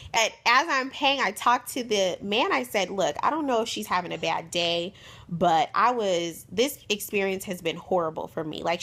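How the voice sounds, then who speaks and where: A young woman vlogger telling a frustrated story in a casual, exasperated way, acting out the other people's lines as she goes. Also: mid-range voice. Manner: exasperated, animated, retells exchanges in quoted voices.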